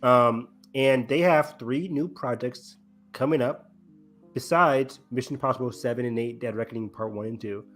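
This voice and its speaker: A man's voice: mid-range voice, a bit bright, faint music behind. A man co-hosting a podcast, chatting casually about film news with lots of ums and restarts. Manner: rambling, halting with many ums. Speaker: podcast co-host. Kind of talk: casual chat.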